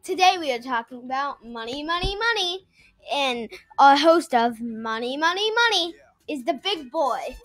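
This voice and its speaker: A squeaky, chipmunk-high announcer bursts in with giddy energy, as a man puts on the voice. The tone is sharp and bright, far above a normal speaking voice. It plays as a quick show-intro bit. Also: expressive, no room sound, soft background music.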